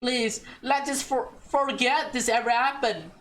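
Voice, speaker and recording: A woman's voice: a little high, unhurried, fairly bright tone. A woman voicing a guilty young woman who stammers and pleads with her friend. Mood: pleading.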